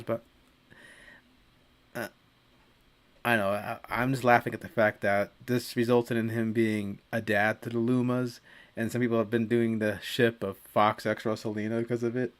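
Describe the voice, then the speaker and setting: A man's voice: medium pitch, flat delivery, normal speed, clean tone. A man hosting a casual podcast chat, chatty and stammering, laughing easily. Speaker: podcast host.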